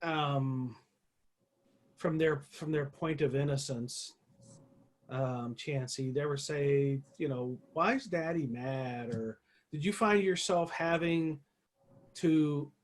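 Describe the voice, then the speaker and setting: A man hosting an interview, asking careful, searching questions broken by fillers. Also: fairly high pitch. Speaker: interview host.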